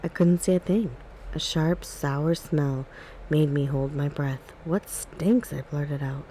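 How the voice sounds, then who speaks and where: A woman reading a spooky children's book aloud in a soft, calm ASMR style. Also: low voice, a little slow, slight background noise, rough recording. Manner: calm, even storybook reading.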